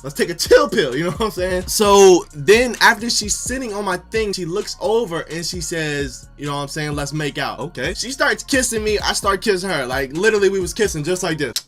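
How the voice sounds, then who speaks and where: A young man spinning a comedic storytime monologue in a high, bright voice that bounces all over the place. He talks in slang and keeps jumping into loud mock outrage. Faint music plays under him. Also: lively intonation, fairly quick, hardly any pauses. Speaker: storytime vlogger.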